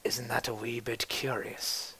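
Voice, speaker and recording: A man voicing a huge, menacing blacksmith with a low, muttering lilt. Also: fairly even intonation, fast talker, bright, forceful tone, a little hiss or hum, rough recording.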